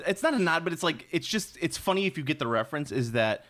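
A man's voice: a little high, lively intonation, quick pace, fairly bright tone. A young man in casual chat, rambling with fillers and joking.

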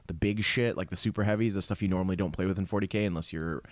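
A man in casual chat, swearing freely and telling stories with animated energy. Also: low voice, racing, no echo. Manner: profane, animated storytelling.

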